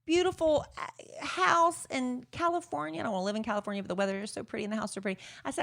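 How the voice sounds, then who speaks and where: A woman's voice: medium pitch, lively intonation, fast talker, creaky, hardly any pauses, a bit bright. A woman co-hosting a podcast in casual, chatty talk with a teasing edge. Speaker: podcast co-host. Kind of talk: casual chat.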